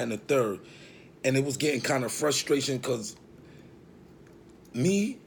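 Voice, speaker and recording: Gravelly guy rambling through a story, swears a lot, bit of hiss behind. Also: mid-range voice. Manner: rambling, profane, conversational. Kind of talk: casual storytelling.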